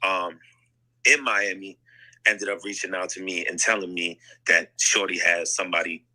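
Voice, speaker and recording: A man's voice: low-pitched, steady tone, moderate pace, pushed and bright, low-quality recording. A man telling a story in a casual online audio chat, blunt and profane, full of fillers, on a phone mic. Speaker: guest rapper telling a story. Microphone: phone mic in an online audio room.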